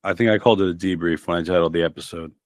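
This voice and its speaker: A man's voice: low voice, steady tone, racing, dry recording. A man co-hosting a podcast in casual, joking chat, his voice a little worn from losing it. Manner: joking, wry. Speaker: podcast co-host.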